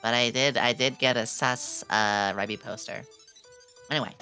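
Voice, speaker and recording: A young adult woman streaming a casual chat, excitable and giggly, swearing freely and reading her chat aloud. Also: a bass voice, moderate pace, faint music behind. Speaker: VTuber streamer.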